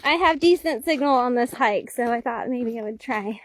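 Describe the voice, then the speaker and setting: A woman's voice: on the high side, normal speed, slight background noise. A woman on a live stream from a mountain trail, out of breath from walking uphill, chatting casually and using baby talk with her dogs. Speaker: dog owner vlogger. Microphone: phone held selfie style.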